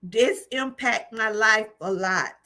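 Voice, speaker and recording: A woman's voice: mid-range voice, slow, bright, forceful tone. A woman, hosting her own livestream and giving an emphatic, repetitive, preacherly testimony. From Georgia, US. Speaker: channel host.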